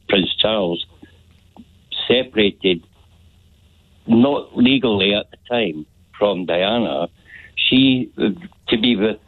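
A caller from Scotland speaks slowly and hesitantly down a tinny phone line, pausing often. His voice sits somewhat low. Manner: hesitant, halting. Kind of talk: phone-in call.

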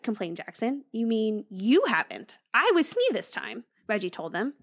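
A woman's voice: sing-song, normal speed, hardly any pauses, husky. A woman co-hosting a podcast, casually retelling a ghost story and lifting her voice for the quoted lines. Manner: reads story aloud, voices quoted lines with raised pitch. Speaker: podcast co-host.

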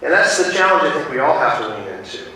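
A man's voice: a little high, big pitch swings, fast, bright, forceful tone, slight background noise. A male pastor preaching a sermon and telling stories in a rambling way, with many fillers and restarts. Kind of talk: sermon with storytelling. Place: church sanctuary. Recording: distant mic in an echoey church.

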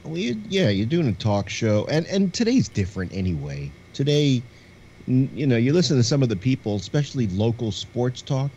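A man's voice: mid-range voice, very animated, moderate pace, darkish tone, breathy edge. A man co-hosting a casual chat, reminiscing and laughing between sentences. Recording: dull audio with faint hiss.

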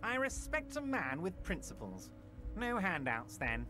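A man voicing a jolly, smooth-talking fat union boss in a video game, coaxing and theatrical. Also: sits high, wildly swooping pitch, measured pace, sharp tone, soft background music, full character voice. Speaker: game character.

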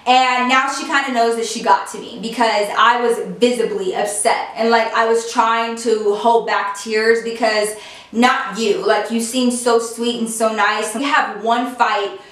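A woman's voice: on the high side, steady tone, a little slow, fairly bright tone. A woman vlogger telling a personal story to camera in a chatty, dramatic way, filling her talk with "like". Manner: chatty, dramatic, peppers speech with "like". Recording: very echoey room, far from mic.

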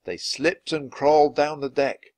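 A man reading a children's book aloud, with expressive, lively narration. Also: on the high side, measured pace, dry recording. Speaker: storyteller.

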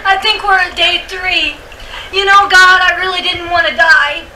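A woman's voice: very high voice, fairly even intonation, moderate pace, distant mic, noisy background. A woman putting on the goofy character Wanda for a children's church comedy sketch, wailing, giggling and praying in a panic. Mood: earnest.

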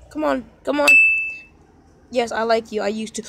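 The voice of a woman reacting animatedly while she reads out the chat lines of a texting game in a playful, casual let's-play. Her voice sits fairly high. It comes through a phone's screen recorder with loud hiss and clicks behind it. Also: normal speed, gravelly, pauses often. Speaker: gamer reading a texting game aloud. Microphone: phone microphone via screen recorder.

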